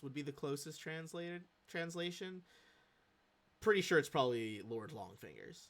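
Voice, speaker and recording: A man's voice: on the high side, animated, normal speed, a bit bright. A man narrating a tabletop game as game master, with a casual, rambling delivery.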